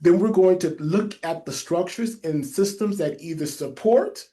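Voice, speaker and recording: Male webinar trainer, slight lisp, mellow tone, emphatic and repetitive teaching delivery. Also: high voice, a little slow. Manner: emphatic, repeats key phrases for note-takers. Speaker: public health trainer. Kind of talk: webinar presentation.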